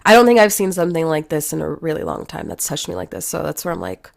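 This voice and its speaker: A woman's voice: sits low, very animated, quick pace, gravelly. A woman hosting an interview, talking in an effusive, heartfelt way about a book. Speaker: podcast host. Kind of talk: interview conversation.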